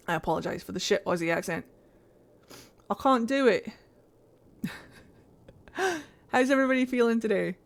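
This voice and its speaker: Woman, game streamer, chatty, greets viewers, reads game text aloud, medium pitch. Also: vocal fry, slight background noise. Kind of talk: casual live-stream chat.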